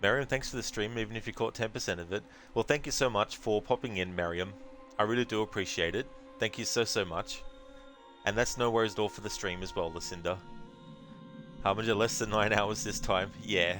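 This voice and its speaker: A man's voice: fairly low pitch, fairly quick, fairly bright tone, faint music behind. A man streaming a game, joking around and chatting with his viewers. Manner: joking, chatty, reads chat aloud. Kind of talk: casual stream commentary.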